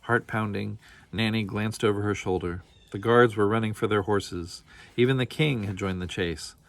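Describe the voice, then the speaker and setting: A man reading a children's storybook aloud with steady, expressive storytelling. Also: lowish voice, moderate pace, vocal fry, slight background noise. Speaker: storybook reader.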